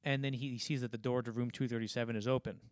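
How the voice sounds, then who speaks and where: A man's voice: mid-range voice, fairly even intonation, darkish tone, no room sound, clean studio sound. Rambling man recapping a film. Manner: rambling, acts out film lines in quick impressions. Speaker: podcast co-host. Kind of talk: casual film discussion.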